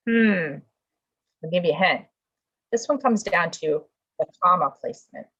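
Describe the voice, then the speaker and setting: A woman teacher leads an online class, working through answers aloud and encouraging her students. Her voice sits a little low. The audio is dull and lo-fi, as from a video call. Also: animated, unhurried, long pauses, a bit bright, breathy edge.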